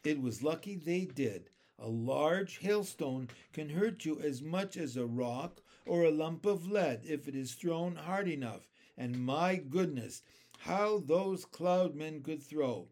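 A man reading a children's novel aloud, deliberate and expressive. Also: fairly high pitch. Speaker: storyteller.

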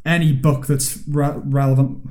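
A young man co-hosts a casual podcast chat. His voice is mellow and dark-toned. He talks reflectively and often stops to restart a thought. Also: mid-range voice, flat delivery, normal speed. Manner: reflective, chatty, with many restarts. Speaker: podcast co-host.

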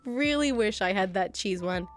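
A woman's voice: mid-range voice, lively intonation, moderate pace, faint music behind. A woman co-hosting a casual podcast, bubbly and giggling often between lines. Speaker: podcast co-host. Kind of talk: casual chat, party game.

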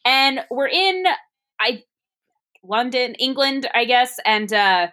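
A woman co-hosting a casual movie review chat, talking in rambling, quick asides. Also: a little high, animated, bright, forceful tone. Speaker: podcast co-host.

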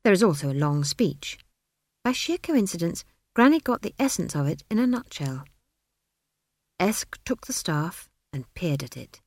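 A woman narrates a comic fantasy story in a low, expressive voice. Her pitch moves widely and the sound is close and dry. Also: a little slow, no echo. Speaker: audiobook narrator. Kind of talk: scripted narration.

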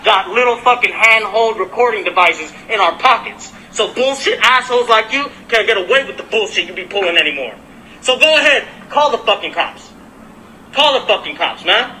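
Filming on his phone outdoors, a delivery worker confronts someone on a residential street with relentless, angry profanity. His very high, piercing male voice comes through a rough recording over a faint hum of street noise.

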